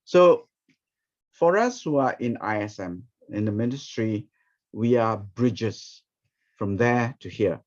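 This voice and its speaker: Man, storytelling trainer, animated, acts out voices, dull muffled recording. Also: on the low side, slow pace. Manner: animated, acts out quoted speech. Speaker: ministry trainer. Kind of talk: storytelling teaching talk.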